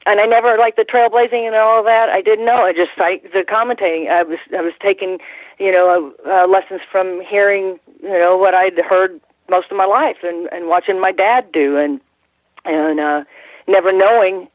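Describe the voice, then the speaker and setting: A woman's voice: mid-range voice, fairly even intonation, normal speed, no room sound. A woman in her sixties, a guest on an interview, telling stories in a rambling way with many restarts and laughs. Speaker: guest, former wrestling ring announcer. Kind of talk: casual interview storytelling. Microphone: phone call. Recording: tinny phone line, dry.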